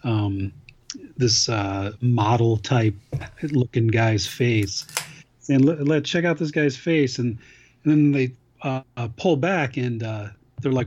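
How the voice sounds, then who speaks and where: A man's voice: medium pitch, slow, darkish tone, lo-fi sound. A man hosting a podcast in casual chat, rambling and wry with some profanity. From now living in California. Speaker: podcast host.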